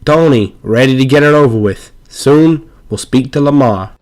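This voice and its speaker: A man gives a joking voice-over for gameplay footage in a mid-range voice. He rambles along sarcastically and plays up fake excitement. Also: mid-range voice, normal speed. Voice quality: sarcastic, rambling, mock-hyped. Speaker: video narrator.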